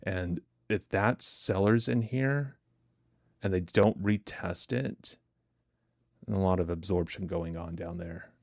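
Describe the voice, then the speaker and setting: A man's voice: low voice, takes it slowly, creaky, a little mellow, dry recording, clean studio sound. A man hosting a live trading stream, chatting casually with viewers in a chatty, self-deprecating way and laughing easily.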